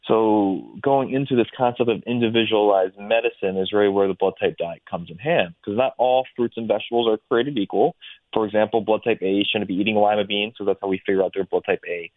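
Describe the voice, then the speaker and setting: A man with a lowish voice explains medical ideas in a relaxed, rambling way, filling gaps with "um" and "uh". The sound is thin and phone-like, and the room is dry. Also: a little fast, no echo. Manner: explains at length with many fillers. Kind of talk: casual explanatory interview.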